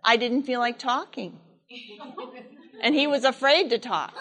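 A woman giving a sermon talk, telling a story in a lively, animated way with asides to the congregation. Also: a little high, a little slow, a crowd in the background. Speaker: speaker at church.

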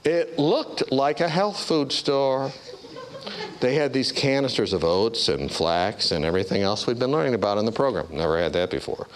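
A man preaching a storytelling sermon, acting out the voices of the people in his stories. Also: moderate pace. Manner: animated storyteller, acts out voices with big pitch jumps.

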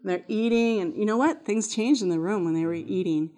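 Woman telling a lively faith testimony. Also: medium pitch, brisk. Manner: lively storyteller who acts out voices and laughs. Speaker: former GED lab teacher giving testimony. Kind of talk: spoken testimony to an audience.

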